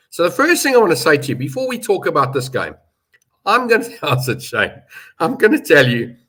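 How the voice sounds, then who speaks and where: A man's voice: medium pitch, fairly bright tone. Emphatic male rugby betting pundit. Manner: emphatic, storytelling, repeats for stress. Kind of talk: casual studio discussion.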